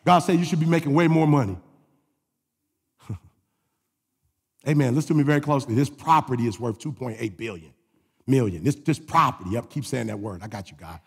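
A man preaching a sermon as pastor, swinging between shouted exhortation and low confiding asides. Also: a little fast, creaky, long pauses, husky, in a large hall.

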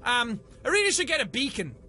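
A man giving casual, excitable commentary while playing a video game, swearing freely and yelping when startled. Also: very high-pitched, brisk. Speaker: let's play gamer.

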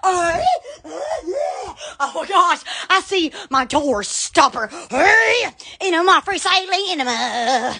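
A woman's voice: very high-pitched, very animated, slow, vocal fry, pushed and bright. A woman hosting a silly live stream, goofy and squealing, laughing a lot. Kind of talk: silly improvised live chat.

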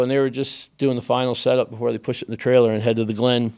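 A man of ordinary pitch tells racing stories as a podcast guest. He talks in a loose, animated ramble, full of fillers and restarts, like someone chatting casually rather than giving a prepared speech. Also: quick pace, clean tone. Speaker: guest race car driver. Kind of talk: casual storytelling in a podcast interview.

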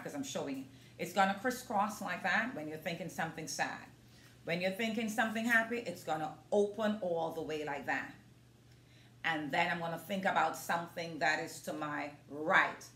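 A woman's voice: on the low side, fairly bright tone, a little hiss or hum. A woman vlogging in an earnest, casual way, talking straight to her viewers as a motivational vlogger. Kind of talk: casual demonstration vlog. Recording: roomy echo.

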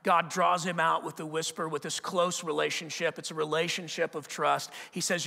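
A man preaching a sermon as pastor, talking conversationally, repeating and restarting words, and growing animated and loud in stories. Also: a little high, moderate pace, creaky, few pauses. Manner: grows animated and loud when telling stories. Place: church auditorium. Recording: long hall reverb from the church auditorium.

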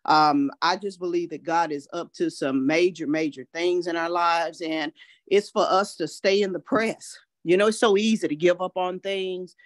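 A woman's voice: lowish voice, fairly even intonation, normal speed, no echo, clean studio sound. A woman hosting a faith-based morning show, encouraging listeners in a preachy, uplifting way and quoting scripture. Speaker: host.

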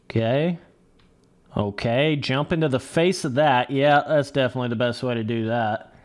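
Here's a medium-pitched young man at a moderate pace, live-streaming a motocross game. Casually swearing, he chats with viewers he calls "dudes" and "brother," and under his breath he talks himself through the race as he commentates.

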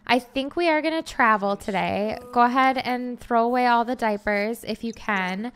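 Female let's-play host, fairly high voice, casual running commentary, frantic pleading bursts. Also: normal speed, fairly bright tone, smooth. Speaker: gaming channel host.

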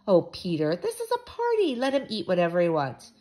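A woman doing a brisk reassuring mother. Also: lowish voice, huge pitch swings, dark tone. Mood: indulgent. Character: patient mother, calm and soothing.

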